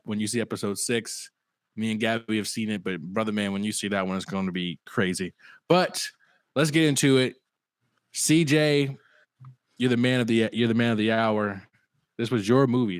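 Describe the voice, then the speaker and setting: A man's voice: medium pitch, no room sound. A young man hosting a podcast, teasing his co-hosts and leading the talk in an upbeat way. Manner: upbeat, teasing, leads the segments. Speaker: podcast host. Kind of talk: casual chat.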